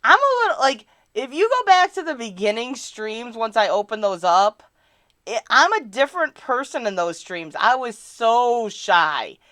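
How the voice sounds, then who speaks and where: A woman's voice: on the high side, very animated, normal speed, sharp tone, dry recording, studio quality. A woman chatting casually on a live stream, answering her chat in a rambling, candid and self-deprecating way.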